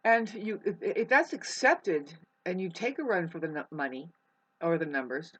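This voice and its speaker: A woman's voice: lowish voice, expressive, moderate pace, slightly rough. A woman vlogger rambling in a casual monologue. She swears freely, restarts her sentences often and eats while she talks. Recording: muffled lo-fi recording.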